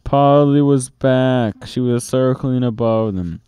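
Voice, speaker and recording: A man reading a children's book aloud in a steady, expressive storytelling manner, close to the mic. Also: medium pitch, slow pace, clear, resonant tone, dry recording. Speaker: storybook reader.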